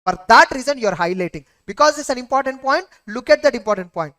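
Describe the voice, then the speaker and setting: Brisk Indian woman lecturer quizzing students. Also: high-pitched, animated, fairly bright tone. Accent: Indian English. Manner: emphatic, drills students with repeated rhetorical questions. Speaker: audit lecturer. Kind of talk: exam revision lecture.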